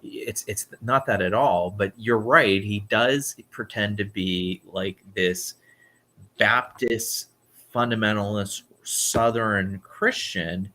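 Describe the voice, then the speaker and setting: A man hosting a casual political chat, talking conversationally with some halting restarts. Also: on the low side, bright, forceful tone. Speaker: talk show host.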